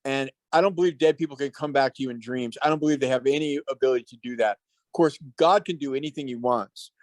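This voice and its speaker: A man hosting a casual talk, earnest and reflective, with halting restarts. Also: mid-range voice, dry recording. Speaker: host.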